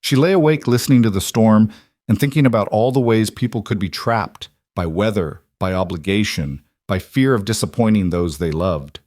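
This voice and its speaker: A man calmly narrating a romance story in an even storytelling manner. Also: lowish voice, moderate pace, no room sound, clean studio sound. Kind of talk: scripted narration.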